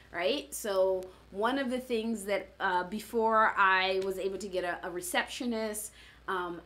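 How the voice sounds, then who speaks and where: A woman with a fairly high, slightly bright voice gives a conversational motivational talk, often checking in with "right?". She's a fitness coach who used to own a studio.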